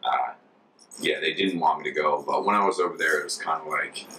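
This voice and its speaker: A young American man in his twenties, a former volunteer, telling stories casually in an interview, chatty and relaxed. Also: very deep voice, brisk. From United States. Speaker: former Peace Corps volunteer. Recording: distant mic with faint ambience.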